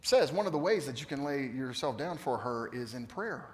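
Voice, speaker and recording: A man in his fifties preaching a sermon, telling stories with lively swings from loud emphasis to hushed tones. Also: mid-range voice, normal speed. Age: 50s. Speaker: pastor. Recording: long reverb of a large hall.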